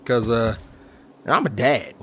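A man giving live commentary while playing a VR fighting game. He trash-talks his opponent, lets out loud whoops and makes chatty asides to viewers. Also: mid-range voice, takes it slowly, slight background noise.

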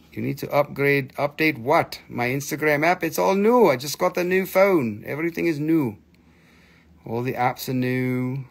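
An excitable man with a gravelly, creaky edge, running a live crystal sale from his phone. He swears freely and keeps coaxing viewers to buy, in a casual stream-chat manner at an ordinary middle pitch.

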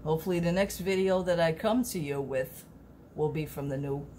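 A woman's voice: sits low, normal speed, dark tone, slight background noise. A middle-aged woman, chatting to camera in a rambling, earnest way as a vlogger. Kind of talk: casual chat to camera.

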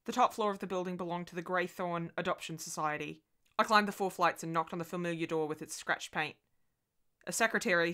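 A woman reads a ghost story aloud with expression and voices the characters herself. Her voice is bright and crisp, a little low in pitch, and clearly articulated.

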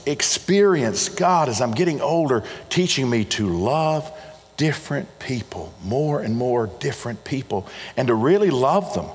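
A middle-aged pastor delivers an earnest sermon, leaning on repetition and questions to the congregation. His voice sits a little high for a man. It rings out with a long hall reverb around it. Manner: earnest, repetitive emphasis, addresses congregation directly. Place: church sanctuary.

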